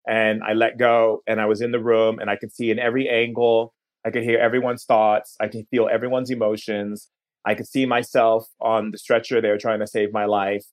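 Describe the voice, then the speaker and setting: A man, a podcast guest, telling a long personal story in an earnest way, slowing down at key moments and restarting phrases. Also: fairly low pitch, flat delivery.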